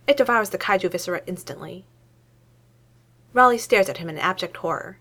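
A woman reading fiction aloud in an expressive storytelling manner. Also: medium pitch, fairly quick, pauses often. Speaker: story reader.

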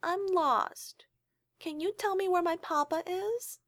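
A bold, stubborn little girl speaks in a high childlike voice, as a woman reading the story puts her on. The sound is dry and close. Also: slow pace, a bit bright, no echo, heavily acted. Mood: pleading.

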